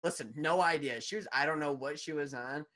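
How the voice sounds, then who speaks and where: A man's voice: on the high side, a little fast. A young man co-hosting a live-streamed chat show, telling a story with lots of laughing and "dude". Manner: animated storyteller, keeps laughing mid-sentence and saying "dude". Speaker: co-host.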